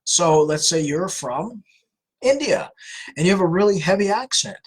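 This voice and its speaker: A woman's voice: lowish voice, lively intonation, moderate pace, husky, low-quality recording. A woman hosting a live question-and-answer session, answering viewer questions in an earnest, plain-spoken way. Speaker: host of a scam-awareness Q&A.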